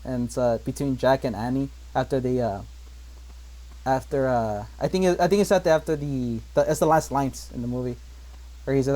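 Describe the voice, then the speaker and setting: A man's voice: mid-range voice, a little fast, warm tone, rough recording. A man hosting a casual podcast, swearing freely and laughing often. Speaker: podcast host. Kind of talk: casual chat.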